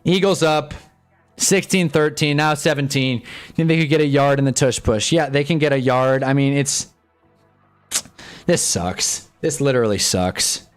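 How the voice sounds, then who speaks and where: A young man hosting a live stream, reacting to a football game in casual commentary, with swings from low muttering to loud frustrated outbursts. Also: unhurried, soft background music. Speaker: live-stream sports fan host.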